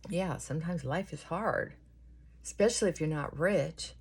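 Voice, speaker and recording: A woman's voice: sits low, normal speed, a little mellow, husky. A middle-aged woman chatting earnestly and giving advice while doing her makeup.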